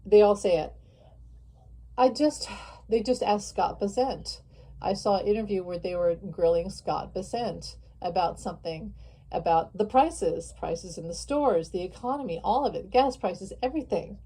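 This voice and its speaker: Speaking at normal speed in a husky, dark-toned, medium-pitched voice, a channel host gives an opinionated political vlog rant. She's impassioned, repeats herself, and addresses her viewers directly, all on a rough recording.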